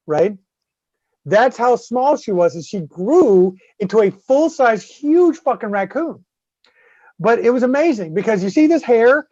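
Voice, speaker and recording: A man with a Southern US accent, swearing freely as he tells an animated story in casual podcast chat. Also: high-pitched, no room sound. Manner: profane, animated storyteller with many "right?" tags. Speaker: guest co-host. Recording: slightly dull lo-fi dry sound.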